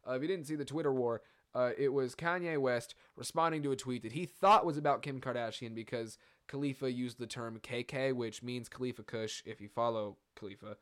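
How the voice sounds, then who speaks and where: A man's voice: mid-range voice, brisk, few pauses. A young man hosting a casual solo podcast, rambling and profane with lots of fillers and asides. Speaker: podcast host.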